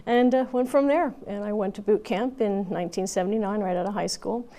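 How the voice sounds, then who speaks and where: A woman's voice: mid-range voice, fairly quick, mellow. A woman in her fifties, a Marine Corps veteran, telling her story candidly in an interview with plenty of fillers and restarts.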